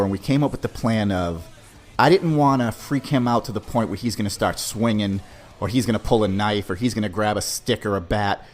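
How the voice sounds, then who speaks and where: Male podcast host spinning a casual yarn, relaxed delivery, soft music bed. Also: mid-range voice. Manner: laid-back, peppers talk with "man". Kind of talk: casual storytelling.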